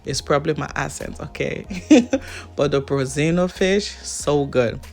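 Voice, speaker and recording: A woman's voice: deep voice, normal speed, faint music behind. A woman from Africa with an African accent, chatting casually to her viewers in a vlog and laughing often. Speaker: vlogger.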